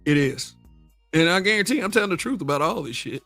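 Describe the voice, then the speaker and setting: Blunt, profane Southern man, bright voice. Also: high-pitched, expressive, fast, faint music behind. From American South. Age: middle-aged. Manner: profane, blunt, laughs often, talks back to chat. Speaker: livestream host. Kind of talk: casual livestream commentary.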